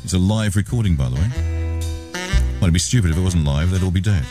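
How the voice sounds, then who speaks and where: A man's voice: deep voice, fast, over music. A man hosting a radio show, chatting casually and trading cheeky jokes with his guest. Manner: joking, teasing, cheeky. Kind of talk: casual on-air banter.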